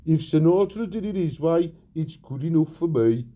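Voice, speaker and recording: A man's voice: fairly high pitch, expressive, moderate pace, mellow, voice pushed up, natural voice. A man voicing a male football manager with a Birmingham accent, talking in a chatty, shrugging way. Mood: breezy.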